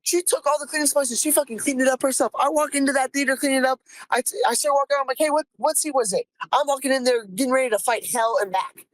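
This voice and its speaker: A young woman hosting a podcast, telling a comic story about her first job in an animated, exasperated way and swearing freely. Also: high voice, fast, no echo, low-quality recording. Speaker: podcast host.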